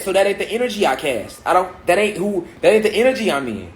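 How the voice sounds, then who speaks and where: An emphatic man in his thirties, speaking with an African American Vernacular English accent, gives a preachy spiritual lecture to a gathered audience in a large, echoey room. His high-pitched, fairly bright voice is expressive and fast, full of rhetorical questions and emphatic repetition.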